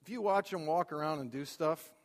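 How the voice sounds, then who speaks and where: A middle-aged man preaching a sermon in a church, swinging from loud emphatic declarations to quiet asides. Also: a little high, a little fast. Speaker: pastor. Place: church sanctuary. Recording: long hall reverb.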